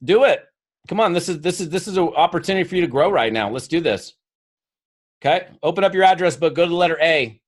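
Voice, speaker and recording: At a live seminar, an animated male motivational speaker spurs his listeners into action in an energetic, persuasive manner. He speaks in a slightly high voice and briefly performs the quotes within his stories.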